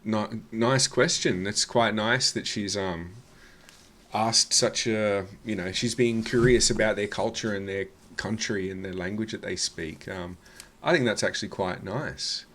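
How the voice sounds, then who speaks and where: A man's voice: on the low side, a little slow, a bit bright. A man reviewing comedy sets in a dry, sarcastic, mocking reaction commentary.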